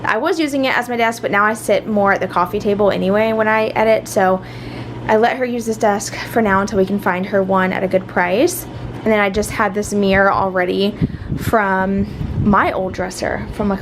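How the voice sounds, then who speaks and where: A woman's voice: medium pitch, brisk, noisy background. A woman, chatting casually in a home vlog, rambling with lots of fillers. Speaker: vlogger.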